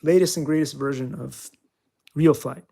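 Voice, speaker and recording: Male host, gravelly texture, chatty and self-mocking, narrating his own gameplay. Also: a little high, fairly even intonation, moderate pace, dark tone. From California. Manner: chatty, self-mocking, talks to himself while playing. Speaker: channel host. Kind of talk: casual gameplay commentary.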